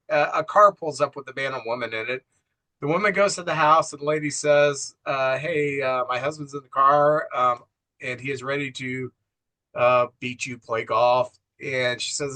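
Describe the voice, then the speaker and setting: A middle-aged father co-hosts a casual movie recap, his medium-pitched voice bright and forceful. He acts out the film's lines in quoted voices and laughs at his own jokes.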